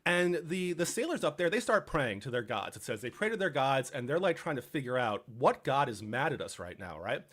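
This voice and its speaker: A young man casually retelling a Bible story with jokes, dropping into quick voices for the people in it. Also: medium pitch. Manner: animated, jokey, acts out characters in quick asides. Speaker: podcast co-host.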